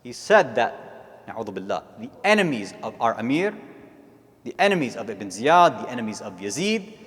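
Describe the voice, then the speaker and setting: In a long, reverberant hall, a speaker at an Islamic centre gives a sermon, building to an impassioned, tearful recounting. His medium-pitched voice is sing-song and fairly bright, at normal speed.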